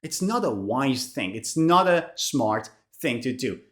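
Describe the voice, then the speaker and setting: Woman, English teacher, online vocabulary lesson, very expressive swooping intonation, repeats words slowly. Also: rumbling low. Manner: animated, slowly repeats key words for pronunciation.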